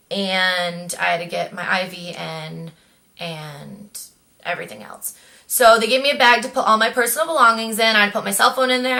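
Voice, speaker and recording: A woman's voice: medium pitch, creaky. A young woman vlogger telling a personal story in a chatty way, acting out what others said. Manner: chatty, animated quoting of others. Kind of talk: casual storytelling.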